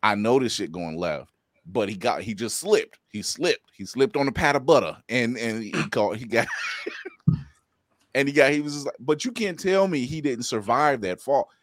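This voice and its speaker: A man's voice: mid-range voice, moderate pace, no echo. A man co-hosting a podcast, chatting casually and profanely, acting out little quotes as he tells a story. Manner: animated, profane, acts out quotes. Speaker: podcast co-host. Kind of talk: casual chat.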